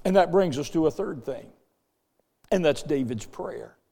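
An older male pastor delivers a sermon in a fairly high, mellow voice. He repeats words and phrases, his volume swelling and sinking. The sound carries the long reverb of a church hall. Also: expressive, measured pace, vocal fry.

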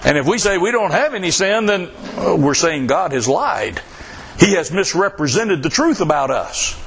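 A man's voice: high-pitched, big pitch swings, normal speed, creaky, a bit bright, slight background noise. A man preaching a sermon, who stresses his points by repeating them. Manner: storytelling with acted quotes, emphatic repetition. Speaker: pastor.

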